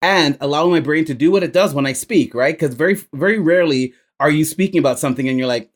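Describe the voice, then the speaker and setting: A man's voice: on the high side, fast. A man coaching a student through rhyming exercises, upbeat and laughing often, with plenty of fillers. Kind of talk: casual coaching session.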